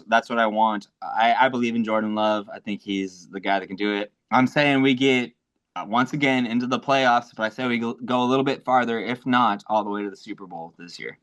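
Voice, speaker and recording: A man co-hosting a casual sports podcast, excitable and profane, laughing often. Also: medium pitch, clean tone. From American South. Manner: excitable, swearing, quick to laugh. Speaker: podcast co-host.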